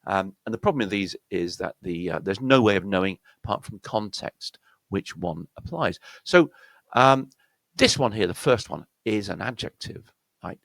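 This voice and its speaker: Low, gravelly British man teaching pronunciation. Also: animated, moderate pace, fairly bright tone, no echo. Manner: explanatory, checks in with "yeah?" often. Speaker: accent coach. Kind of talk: pronunciation lesson.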